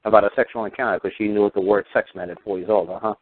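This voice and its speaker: A man's voice: lowish voice, steady tone, rapid-fire. An older man hosting a talk show, ranting with heavy profanity and emphatic repetition. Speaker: radio talk host. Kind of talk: angry ranting monologue. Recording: dry tinny phone-line audio.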